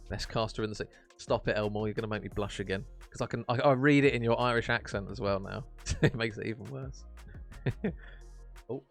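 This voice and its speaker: Male esports caster, lowish voice, chatty and jokey, light music underneath. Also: a little fast, creaky. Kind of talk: casual stream commentary reading chat.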